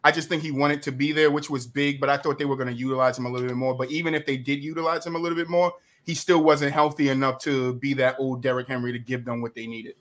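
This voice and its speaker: A man's voice: mid-range voice, steady tone, quick pace, hardly any pauses, fairly bright tone. A man from New Jersey with a New Jersey accent, a guest on a sports podcast talking casually and with emphasis.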